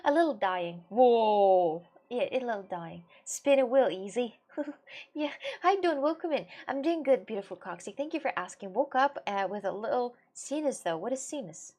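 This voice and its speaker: Woman streamer, English speaker, casual live chat, animated and ranty, slightly high voice. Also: normal speed. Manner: animated, ranting, laughs often, fillers like "you know".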